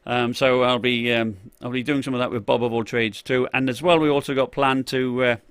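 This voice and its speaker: A man's voice: mid-range voice, fairly even intonation, fairly quick, a bit bright, clean tone. A man hosting a casual live stream about tech gear, talking in loose, rambling runs full of "uh" and "you know". He keeps breaking off to greet viewers by name from the chat. His voice sounds dry, with no room echo. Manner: rambling, lots of fillers and restarts.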